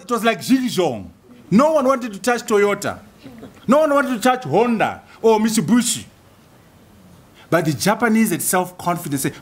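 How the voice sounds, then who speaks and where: A man from Zimbabwe giving a rousing university lecture, full of rhetorical questions and repeated slogans. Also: high voice. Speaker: guest speaker.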